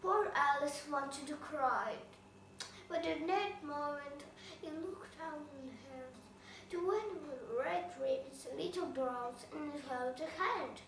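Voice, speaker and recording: A woman with a Russian accent and Russian as her first language reads a storybook aloud in halting, uneven English, with frequent slips. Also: high-pitched, a bit bright. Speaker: reader. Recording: roomy, echoey, from far off, faint background noise.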